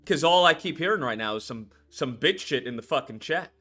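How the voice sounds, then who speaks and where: A man's voice: medium pitch, animated, brisk, bright, forceful tone, soft background music. A man hosting a live stream, ranting in a heated, mocking and profane way, taunting a viewer to call in.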